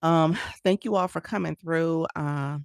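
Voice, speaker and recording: A woman's voice: sits low, unhurried, gravelly, clean tone, no echo, studio quality. A woman coach chatting with viewers on a live stream, laughing often and greeting people by name, speaking into a phone. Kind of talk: casual TikTok live chat.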